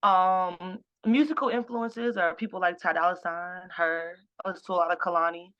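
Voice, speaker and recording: A woman musician chatting casually in an interview, animated and jokey, often restarting her sentences. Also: fairly low pitch, normal speed. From Boston. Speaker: musician guest.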